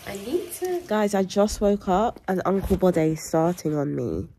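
A woman's voice: medium pitch, animated, normal speed, mellow, echoey room, a little hiss or hum. A woman, chatting casually and teasing playfully in a vlog. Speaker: vlogger.

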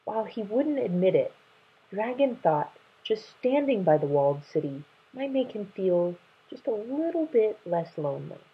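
A woman reading a children's storybook aloud in a slow, gentle storytelling manner. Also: medium pitch, big pitch swings, husky. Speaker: storybook reader. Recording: dull lo-fi recording.

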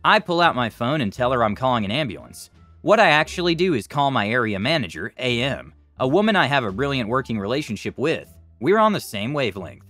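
A man narrating online stories in a scripted, expressive storytelling style. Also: mid-range voice, a little fast, dry recording, faint music behind.

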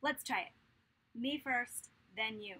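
A woman teaching a vocal warm-up lesson to children, cheerful and encouraging. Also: a little high, slow pace, slightly rough.

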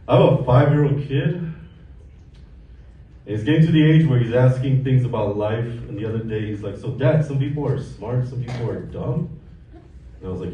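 Here the same kind of set moves fairly quickly: a Mexican man in his thirties, mid-range voice, trading in casual, deadpan, foul-mouthed storytelling at a comedy club. A distant mic picks up the echo of the club along with audience laughter and room noise.

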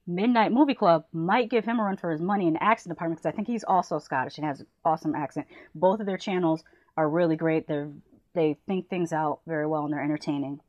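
This movie reviewer from the United States has a deep voice and talks with casual enthusiasm while shouting out other channels. The recording is dry and the audio sounds dull.

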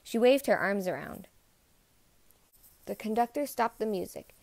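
A woman reading a children's picture book aloud in an even, clear storytelling voice. Her pitch sits in the middle, and the recording is dry and close. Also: measured pace, no echo. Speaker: narrator.

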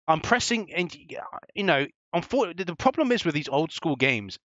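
Excitable man narrating a retro game. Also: on the high side, normal speed, no echo, muffled recording. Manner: excitable, swears and laughs, yelps at enemies. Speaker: gaming channel host. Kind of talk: let's play commentary.

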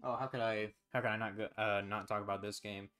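A man with a fairly low voice talks casually to his stream, rambling and relaxed, filling gaps with "um" and "like" and swearing now and then. Soft music plays faintly behind him. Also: quick pace, clean tone. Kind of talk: casual chat.

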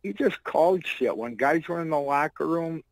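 A man's voice: a little high, lively intonation, moderate pace, gravelly, no echo, low-quality recording. A man in his sixties, a former wrestler, telling loose, rambling anecdotes in blunt, salty words. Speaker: guest, former pro wrestler. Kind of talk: casual storytelling.

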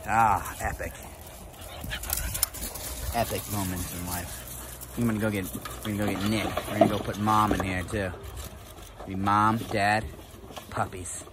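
A man filming and chatting playfully about his dogs and their puppies, excited and using baby talk with them. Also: on the low side, a little slow, long pauses, background noise. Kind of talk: casual vlog commentary.

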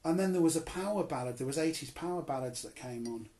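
A comedian and crime writer from Cornwall, speaking as an interview guest, tells a self-mocking story in a slightly high voice. He talks fast and animatedly, acting out the quotes in his anecdotes.

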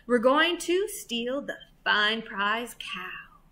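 A woman doing a hushed, sneaky thief. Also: fairly high pitch, expressive, very slow, full character voice. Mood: scheming. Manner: hushed, conspiratorial. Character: sneaky male cattle thief plotting in a hushed voice.

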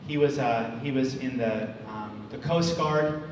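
A man from the United States, in his forties, telling a story to an audience with many pauses and repeated words. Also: medium pitch. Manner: halting, repeats words, restarts often. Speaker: speaker. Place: large hall. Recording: echoey hall, distant mic, faint noise.

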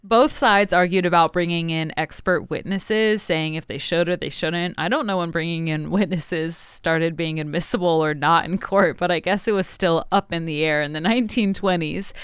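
A woman's voice: lowish voice, moderate pace, few pauses, clean tone, no room sound, studio quality. A young woman from Tennessee co-hosting a casual podcast, recapping history with sarcastic asides. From Tennessee, USA. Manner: sarcastic, storytelling with laughs. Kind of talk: casual chat.

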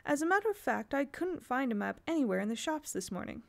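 A silky, falsely sweet lady whose brightness hides a steely edge, as a woman narrator puts her on for a storybook. Her voice sits higher than an ordinary speaking voice and carries a faint gravelly grain. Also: big pitch swings, quick pace, exaggerated voice. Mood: falsely pleasant. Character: smooth, falsely charming grown woman.

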